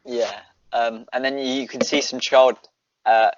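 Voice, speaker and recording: A man's voice: mid-range voice, steady tone, a little slow. A young man co-hosting a casual film review podcast, easygoing and trailing off while searching for names. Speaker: podcast co-host. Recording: dry, dull lo-fi home recording.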